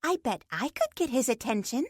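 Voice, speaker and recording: A woman's voice: high voice, big pitch swings, moderate pace, husky, no room sound, studio quality, exaggerated voice. A woman voicing a cheeky, blunt young female pixie who talks in a chirpy, offhand way. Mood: perky.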